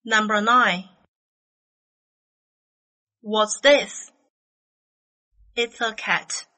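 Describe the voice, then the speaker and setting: A woman reading numbered items from an English listening test, each phrase slow, carefully spaced and evenly paced. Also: mid-range voice, fairly even intonation, pushed and bright, low-quality recording.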